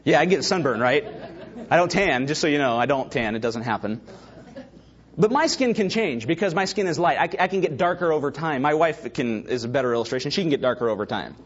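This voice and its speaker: A man preaching a sermon, emphatic and building to loud stresses, with a slightly husky voice. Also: fairly high pitch, lively intonation, quick pace, highs cut off, some chatter behind. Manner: emphatic, rising to shouts for stress.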